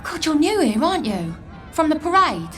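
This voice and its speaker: A woman's voice: high-pitched, big pitch swings, normal speed, fairly bright tone, some chatter behind, a little hiss or hum. An actress voicing a blunt, streetwise outcast young woman in a video game, with an English accent and a breezy, mocking way of giving advice. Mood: cheeky.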